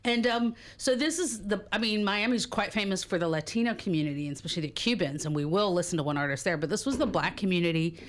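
A woman's voice: medium pitch, quick pace, hardly any pauses. A woman with her morning voice on, chatting and explaining music on a radio segment, with fillers and laughs. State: morning voice, a little low. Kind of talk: casual radio chat.

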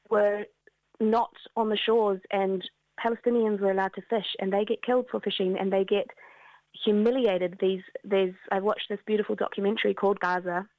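Gravelly New woman, earnest. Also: mid-range voice, no echo. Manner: earnest, halting with many restarts. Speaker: activist interviewee. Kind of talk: remote news interview. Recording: dull lo-fi dry sound.

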